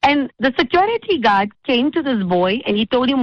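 A woman hosting a radio talk show, telling a story with animated, acted-out quotes. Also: high-pitched, normal speed, no echo, lo-fi sound. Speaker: radio host.

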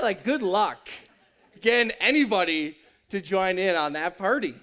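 Man preaching, high bright voice, chatty and jokey. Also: a little slow. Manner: conversational, joking, emphatic. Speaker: pastor. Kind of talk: sermon.

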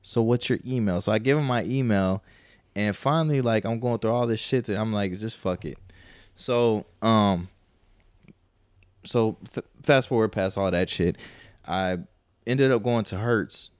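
A man's voice: fairly low pitch, a little slow, pauses often, no echo, clean studio sound. A man co-hosting a podcast, telling a long, profane story in a casual, rambling way and quoting people as he goes. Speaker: podcast co-host.

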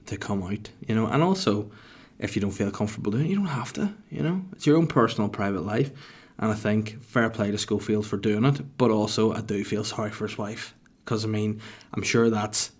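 A man's voice: fairly low pitch, a little mellow. A young man with a Northern Irish accent rambling profanely through a casual podcast monologue. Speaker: podcast host.

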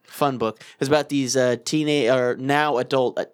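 A man's voice: mid-range voice, moderate pace, smooth. A man co-hosting a casual podcast, swearing often and laughing as he talks about books he has read. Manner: profane, laughing, excitable. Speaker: podcast co-host.

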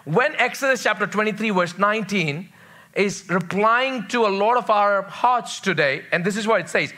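A pastor preaches to his congregation, driving points home by repeating them and calling for responses. His voice sits high for a man and rings bright and forceful. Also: moderate pace. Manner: emphatic preaching with repeated phrases. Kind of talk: sermon.

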